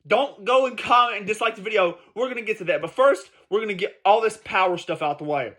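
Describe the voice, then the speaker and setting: Male vlogger, high-pitched, emphatic and profane, casual heated commentary. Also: lively intonation, quick pace, few pauses, bright, forceful tone. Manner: emphatic, profane, repeats points for stress.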